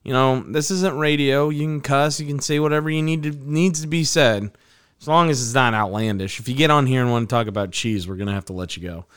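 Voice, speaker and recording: A man's voice: mid-range voice, fairly quick, a bit bright, clear, resonant tone. A man hosting a casual sports podcast, rambling loosely with frequent restarts. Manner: rambling, restarts and laughs easily. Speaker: podcast host.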